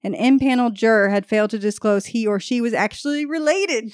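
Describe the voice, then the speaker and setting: A woman's voice: on the high side, a little fast, a little mellow, dry recording, clean studio sound. A woman hosting a podcast, reading out an old murder case and breaking off now and then to joke with her co-hosts. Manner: reads case details, breaks off to joke and laugh. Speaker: podcast host telling a true crime story. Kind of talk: casual true crime storytelling with banter.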